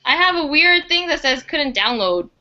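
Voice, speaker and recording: A woman's voice: high voice, sing-song, moderate pace, pushed and bright. A woman co-hosting a casual talk show, sharing personal stories in a hesitant way with many fillers. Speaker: co-host. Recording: dull lo-fi audio.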